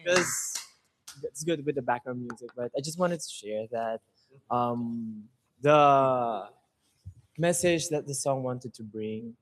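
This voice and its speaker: A man's voice: mid-range voice, poor audio. A man with a Filipino accent, chatting earnestly on a livestream and stopping often to search for words. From Philippines. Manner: earnest, halting with many fillers. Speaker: music group member on a livestream. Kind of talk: casual chat.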